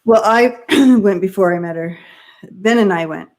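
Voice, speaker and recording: A woman's voice: medium pitch, normal speed, darkish tone. A woman co-hosting a casual livestream on a video call. She talks in a friendly way, explains things and reads out the chat. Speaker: livestream co-host.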